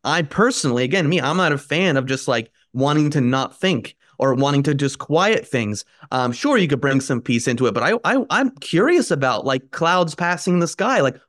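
A man's voice: a little high, lively intonation, normal speed, hardly any pauses, no echo, studio quality. A man hosting a podcast, talking thoughtfully and searching for his words, with frequent fillers. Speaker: podcast host. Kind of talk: reflective conversational talk.

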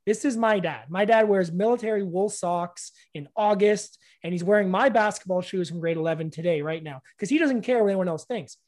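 A middle-aged man hosting a relaxed talk. He tells a story, then asks a reflective question. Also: high voice, brisk, hardly any pauses. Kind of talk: casual conversational interview.

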